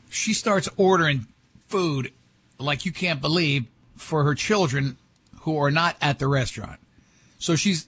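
A man hosting a morning radio show, bantering and running a quiz with quick jokes and frequent laughs. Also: fairly high pitch, fairly bright tone, breathy edge, no echo. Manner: joking, laughs often, quick asides. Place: radio studio.

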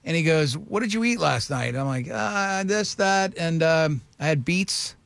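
A man's voice: a little high, animated, measured pace, vocal fry, a bit bright. A middle-aged man hosting a casual chat, full of jokey, laughing banter. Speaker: host.

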